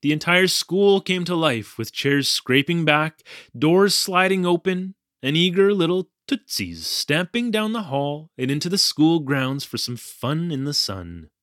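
A flustered young male English teacher, voiced by an actor, tells his story in a wry, self-deprecating voice for an audio drama. His pitch swings freely. The sound is close and dry, with no room echo. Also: animated, measured pace, fairly bright tone. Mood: recounting.

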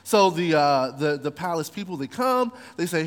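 A man's voice: fairly high pitch, expressive, moderate pace. A man preaching a sermon, telling the story playfully and animatedly with slang. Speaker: pastor. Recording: long hall reverb.

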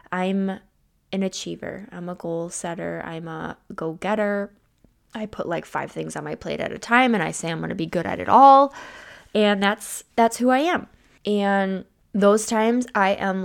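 Teary woman podcaster, gravelly voice, candid and halting, lots of ums. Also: medium pitch. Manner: candid, emotional, halting with fillers. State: tearful, near crying. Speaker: podcast host. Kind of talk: personal solo podcast talk.

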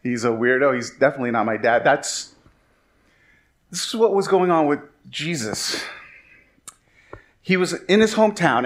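A man in his forties preaching a sermon as pastor, telling stories in a conversational, self-deprecating way. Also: a little high.

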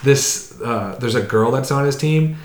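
A man chatting casually as a podcast co-host, rambling through a long story at an even, middling pitch. He keeps slipping into other people's voices mid-tale. The room carries a noticeable echo. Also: a little slow. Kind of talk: casual chat. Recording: roomy echo.

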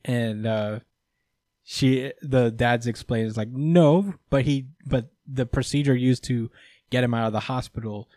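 An easygoing man co-hosting a recap podcast, chatting casually and laughing between sentences. He swears freely and sits at an ordinary, middle pitch. The sound is close and dry, with no room around it. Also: steady tone, unhurried, darkish tone, no echo. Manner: laughing, profane, acts out quotes. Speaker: podcast co-host.

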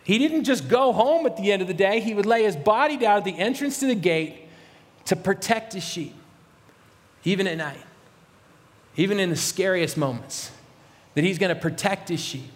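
A man with a notably high voice preaches a sermon, earnest and emphatic as he addresses his congregation. His words ring out with a long reverb, as if in a large hall. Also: animated, moderate pace, pauses often. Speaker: pastor.

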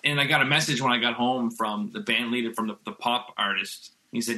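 A young Canadian man talking on a video call in a loose, rambling way, leaning on "like" and dropping curse words. His voice is very bright and forward, with a middling pitch. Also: fairly even intonation, brisk, few pauses, rough recording. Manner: loose and chatty, fillers like "like", swears freely. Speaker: guest musician. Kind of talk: casual conversation.

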